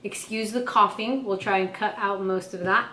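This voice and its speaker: A woman's voice: mid-range voice, fairly even intonation, moderate pace, sharp tone, a little hiss or hum. Sister co-host, young woman under the weather, rambling storyteller, roomy echo. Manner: chatty storyteller, lots of "like" and "okay?". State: sick. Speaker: vlog co-host. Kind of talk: casual chat.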